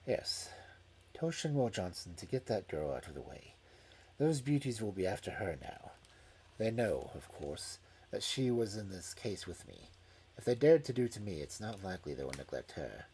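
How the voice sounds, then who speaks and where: A man voicing an injured, scheming male detective who mutters weakly and quietly. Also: lowish voice, huge pitch swings, normal speed, a little hiss or hum. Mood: weak, wry. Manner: weak hushed mutter. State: weak.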